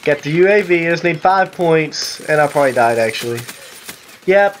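A man from the Southern US with a Southern accent, giving casual, rambling voice-over commentary on his own gameplay, excitable and jokey with sarcastic asides. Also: fairly high pitch, moderate pace, a little hiss or hum. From Southern United States. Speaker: gaming commentator.

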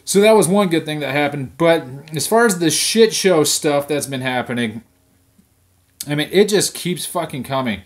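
A man's voice: fairly high pitch, moderate pace. A young man venting on camera at home, swearing constantly as he rants about his week. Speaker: vlog host. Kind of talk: profane ranting monologue.

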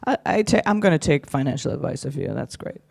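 A man's voice: a little high, very animated, fast talker, vocal fry, a little mellow. Brash, teasing stand-up comic, man. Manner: brash, teasing, swears freely. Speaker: stand-up comedian. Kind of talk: stand-up crowd work. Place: conference stage before a live audience.

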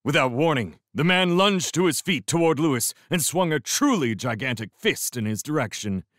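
A man reading a novel aloud as an expressive first-person fan audiobook narrator. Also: a little high, moderate pace, dry recording, studio quality. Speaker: audiobook reader.

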